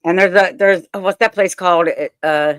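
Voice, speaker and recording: A woman's voice: lowish voice, steady tone, normal speed, no room sound. A woman with a Southern US accent chatting eagerly as a guest, rambling with frequent ums. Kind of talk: casual video-call chat.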